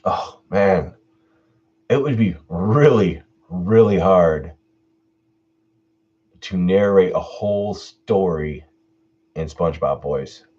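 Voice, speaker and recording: A man who narrates horror stories online, chatting casually in a relaxed, laughing way. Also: low voice, slow, pauses often, breathy edge, dull audio. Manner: relaxed, laughing, answers voice requests. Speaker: YouTube horror story narrator. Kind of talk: casual Q&A chat.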